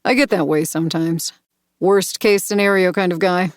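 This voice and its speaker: A woman reading the part of a charming but edgy young man in an audiobook, smooth and then suddenly intense. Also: on the low side, normal speed, dry recording, clean studio sound, close to an everyday voice.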